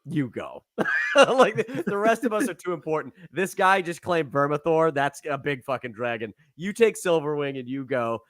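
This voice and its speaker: A man's voice: moderate pace, no room sound, clean studio sound. A man co-hosting a podcast in casual chat, talking animatedly and jumping into character voices as he tells a story. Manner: animated, acts out characters with sudden swoops in pitch. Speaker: podcast co-host.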